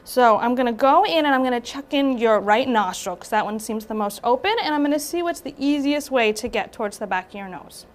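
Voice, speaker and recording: A woman clinician giving a patient gentle, reassuring step-by-step instructions during an exam. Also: a little high, lively intonation, fairly quick, hardly any pauses. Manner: gentle, reassuring, brief prompts. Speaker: clinician performing endoscopy.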